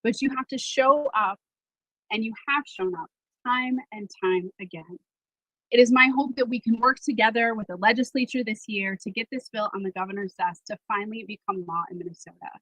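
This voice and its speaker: A woman's voice: medium pitch, a little fast, a bit bright, no echo, poor audio. A woman, a mother and person of faith, giving an assured, rousing speech at a rally. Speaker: speaker at a political rally.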